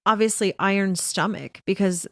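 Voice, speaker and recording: A woman co-hosting a podcast in casual chat, dropping in quick agreements and dry humor. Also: mid-range voice, creaky, no room sound. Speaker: podcast co-host.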